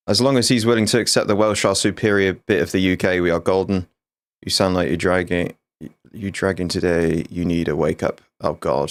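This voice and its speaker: A man's voice: low voice, dry recording. A man in his thirties, an ex-soldier streaming a game, chatting frankly with viewers and swearing freely. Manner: frank, sweary, jokey banter. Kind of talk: casual livestream chat with viewers.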